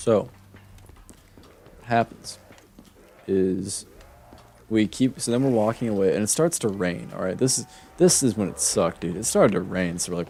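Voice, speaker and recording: A young man on a game stream rambles through a personal story, restarting his sentences and stacking up fillers. His voice sits low with a gravelly fry. A faint hiss of noise runs underneath. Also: normal speed, warm tone. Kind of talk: casual storytelling while gaming.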